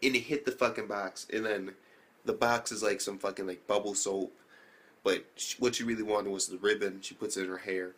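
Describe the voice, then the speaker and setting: A man's voice: on the low side, steady tone, a little fast, a bit bright. A young man casually recapping an anime episode, rambling with slang, swearing and many fillers. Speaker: anime reviewer.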